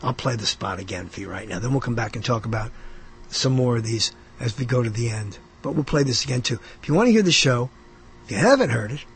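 A man's voice: medium pitch, big pitch swings, brisk, slight background noise. A man hosting a radio show, rambling casually about movies, often trailing off with uh and short laughs. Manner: rambling, self-interrupting, lots of uh and laughs.

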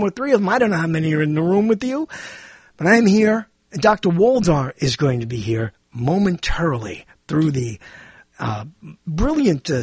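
A man's voice: sits high, husky, no room sound. A man hosting a talk show with a rambling, self-deprecating monologue that jumps between topics.

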